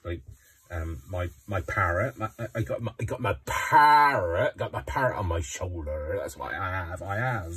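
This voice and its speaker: A man's voice: low voice, expressive, normal speed, a bit bright, slightly rough, distant mic, exaggerated voice. A man putting on a swaggering West Country pirate. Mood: playful. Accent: put-on West Country pirate. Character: swaggering male pirate with a parrot.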